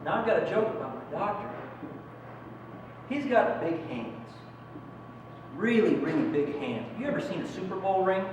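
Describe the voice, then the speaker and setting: A man's voice: high-pitched, sing-song, moderate pace, pauses often. A young man telling self-deprecating stand-up stories, acting out his own squeals and pleas. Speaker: stand-up comedian. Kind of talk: stand-up comedy. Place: small comedy club. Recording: echoey hall, distant mic, room noise.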